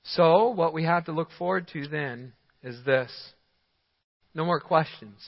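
A man's voice: a little high, measured pace. A man preaching a sermon as pastor, emphatic, giving short commands and chuckling at his own points. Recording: dull sound in a large hall with long reverb.

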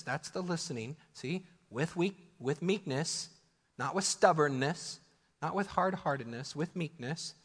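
A Midwestern American man in his thirties delivers a sermon with a slightly raised pitch and an easy, chatty manner. He breaks into laughs and acts out quoted prayers. The sanctuary's long reverb trails behind his words. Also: fairly bright tone. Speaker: pastor. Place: church sanctuary. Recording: church hall with long reverb.

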